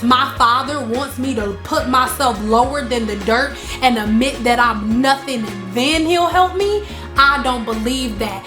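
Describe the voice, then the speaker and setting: A woman with a fairly high voice gives a casual spiritual talk to camera. She is emphatic, repeats her lines for stress and tells stories with energy. Soft music plays faintly behind her. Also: measured pace. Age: adult, married. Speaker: spiritual vlogger.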